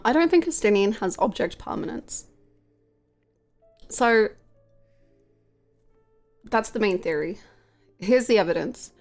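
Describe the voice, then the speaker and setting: A woman streaming a game live, chatting casually with her viewers in a giggly, rambling way. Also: medium pitch.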